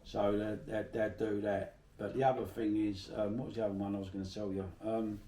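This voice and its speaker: A middle-aged man from Bermondsey with a South London accent speaks briskly in a fairly low, dark, level voice, recorded from a distance with a roomy sound. In a casual interview he tells salty anecdotes, chatting freely and swearing often.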